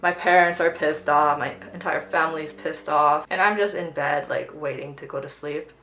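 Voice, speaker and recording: A beauty vlogger, a young woman with a low voice, chats at a moderate pace while doing her makeup. She retells a story in an animated way, sprinkling in lots of "like." The recording has a roomy echo.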